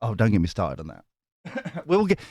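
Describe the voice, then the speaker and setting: A British man runs his tarot channel, talking to viewers in a jokey, rambling manner, constantly breaking off, digressing and restarting. His voice is on the low side with a darkish tone and wildly swooping pitch, a little slow, in a dry recording.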